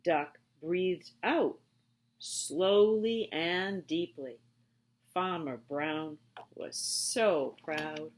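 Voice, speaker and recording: A female teacher with a lowish voice reads a picture book aloud to her class, telling the story expressively and stretching out her words.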